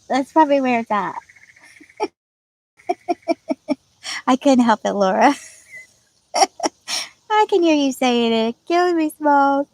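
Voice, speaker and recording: A woman's voice: high voice, very animated, extremely slow, pauses often, darkish tone, no room sound, poor audio. A woman hosting a casual livestream, reading out viewer comments with lots of giggling and playful teasing. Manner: giggly, chatty, reads comments aloud and teases viewers. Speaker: livestream host.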